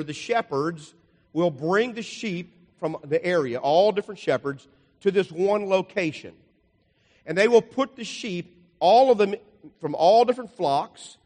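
An older man preaching a folksy, rambling sermon, explaining slides with jokes and asides. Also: a little high. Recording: long hall reverb.

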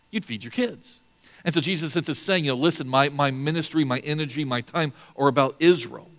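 A male pastor delivers a sermon in a relaxed, conversational manner, often restarting phrases and adding asides. His voice sits in an ordinary middle register. The sound carries a long reverb, as in a church sanctuary. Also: medium pitch.

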